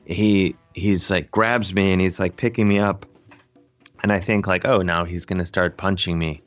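A man's voice: low voice, steady tone, normal speed, lo-fi sound, soft background music. A man telling a casual anecdote, rambling with many fillers and restarts and acting out the voices of others. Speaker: storyteller guest.

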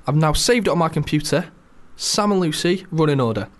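A man's voice: on the high side, expressive, fairly quick. A man co-hosting a radio show, chatting casually in a self-deprecating way. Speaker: radio co-host. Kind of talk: casual chat.

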